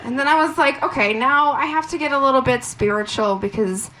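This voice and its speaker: Brash high-voiced woman doing stand-up. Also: a little fast. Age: 30s. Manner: brash, lively, swings to loud shouts. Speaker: stand-up comedian. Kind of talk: stand-up comedy set. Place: comedy club stage with audience. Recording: noisy live club recording. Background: crowd laughter and room noise.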